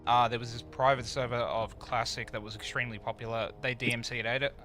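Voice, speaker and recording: A man's voice: medium pitch, level tone, quick pace, pushed and bright, soft background music. A man streaming an online game, chatting casually in a loose, rambling way with plenty of fillers. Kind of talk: casual chat while gaming.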